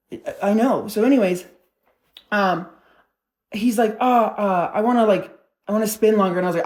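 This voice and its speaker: A young woman tells a storytime on her vlog. She talks in a loose, chatty way, swears freely and leans on filler words. Her voice sits at an ordinary middle pitch. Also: a little fast, a little mellow. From Denver, United States. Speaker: content creator.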